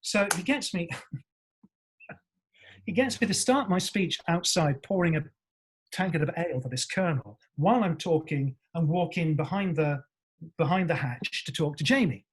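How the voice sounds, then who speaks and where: Male actor from england, husky voice, animated storytelling, acts out voices, swears. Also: fairly high pitch, moderate pace. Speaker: actor guest.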